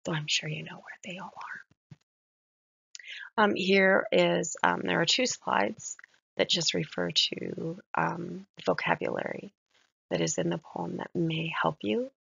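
Woman lecturer, husky and very gravelly, reflective and admiring, dull dry lo-fi recording. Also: on the low side, lively intonation, a little slow, no echo. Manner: reflective, admiring, soft-spoken. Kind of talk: recorded mini-lecture on a poem.

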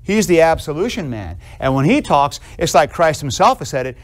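A man lectures on theology in a classroom, his voice pitched a little high. He talks in a lively, conversational way, putting questions to his students and acting out small everyday scenes. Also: normal speed. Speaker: theology professor.

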